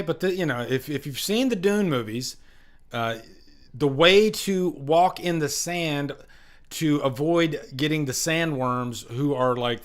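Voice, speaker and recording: Over a webcam, a man hosts a casual live stream chat, rambling, repeating himself and filling pauses with fillers. His voice is on the high side and a bit bright.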